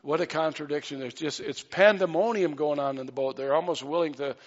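A man's voice: on the high side, fairly quick, muffled recording. A man preaching a sermon in an earnest way, with light asides and acted-out quotes. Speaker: pastor.

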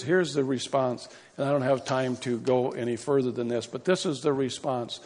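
A man's voice: mid-range voice, darkish tone. A man preaching a sermon as pastor, impassioned and building to emphatic peaks. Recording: long hall reverb.

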